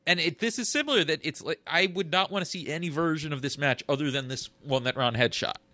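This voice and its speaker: A man co-hosting a podcast in casual chat, thoughtful and halting as he recalls details. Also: on the high side, sharp tone, no echo, studio quality. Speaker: podcast co-host.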